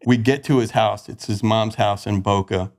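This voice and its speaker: A man's voice: lowish voice, normal speed. A young man on a podcast, telling his recovery story in a casual, slangy way and acting out the quoted lines. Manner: animated, slangy, acts out quoted dialogue.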